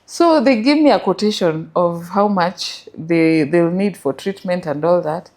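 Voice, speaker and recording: Kenyan woman telling a story, mellow voice. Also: fairly low pitch, measured pace. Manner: animated storytelling with English and Swahili mixed. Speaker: guest. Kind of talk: interview storytelling.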